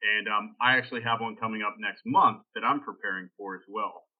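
A man's voice: fairly low pitch, fairly even intonation, brisk. A man hosting a casual podcast, rambling and joking loosely before laying out the week's topic, heard over a tinny phone-like line. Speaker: podcast host. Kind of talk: casual chat.

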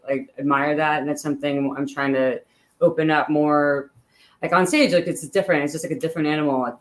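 Singer-songwriter lady from pittsburgh, pretty monotone, earnest and upbeat, says like a lot. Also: low-pitched, poor audio. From Pittsburgh, Pennsylvania. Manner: earnest, upbeat, many fillers. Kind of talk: casual interview chat.

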